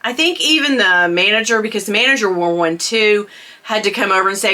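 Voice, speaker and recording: A middle-aged woman vlogger telling a storytime, chatty and animated, laughing often. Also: mid-range voice, brisk. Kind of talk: storytime chat.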